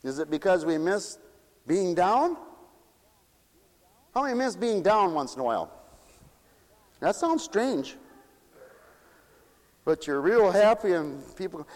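Animated, laughing preacher man in a hall. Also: on the high side, normal speed, long pauses. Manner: playful, laughing, swings from loud to hushed. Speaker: pastor. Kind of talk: sermon.

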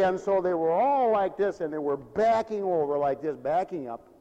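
A man preaching a sermon with fervor, swinging from loud cries to hushed storytelling. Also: high voice, animated, normal speed, hardly any pauses. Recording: reverberant hall.

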